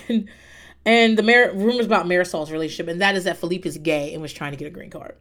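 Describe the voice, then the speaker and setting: A woman's voice: on the low side, quick pace, a bit bright. A woman recapping a reality show in a casual, blunt monologue, swearing freely and laughing often.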